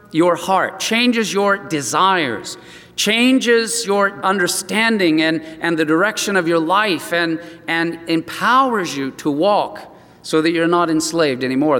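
A man's voice: high-pitched, a bit bright. A man preaching a sermon as pastor, telling a personal story in an earnest way with frequent restarts. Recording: long reverb from a hall.

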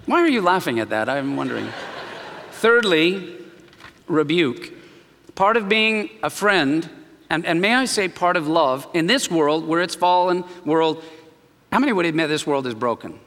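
A man preaching a sermon, telling a personal story with animated swings between quiet and loud. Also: on the high side, moderate pace, long reverb tail, a little hiss or hum. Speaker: pastor.

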